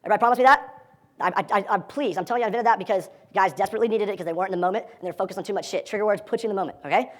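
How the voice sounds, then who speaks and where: A man teaching a live dating seminar, energetic and profane, acting out quoted lines as he talks to his audience. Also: high voice, rapid-fire.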